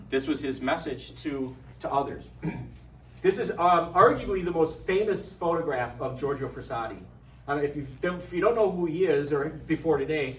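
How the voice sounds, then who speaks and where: Middle-aged male parish speaker, lively and joking, slightly high voice, recorded far off in an echoey hall. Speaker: adult formation speaker. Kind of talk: parish talk to an audience.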